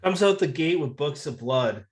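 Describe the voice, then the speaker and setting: A man's voice: a little high, animated, normal speed. A man co-hosting a podcast, asking questions with enthusiastic, joking energy and casual swearing. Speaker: podcast co-host.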